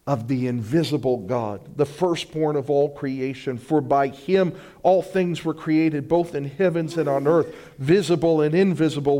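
Male pastor, middle-aged, slightly high voice, dramatic sermon delivery with big loud-to-soft swings. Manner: emphatic preaching, swinging between loud declarations and hushed slow lines.

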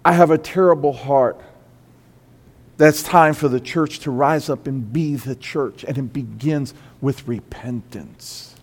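A pastor preaching a sermon in a church, moving between quiet confession and loud, high-pitched exhortation. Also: male voice, measured pace, big-room sound. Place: church sanctuary.

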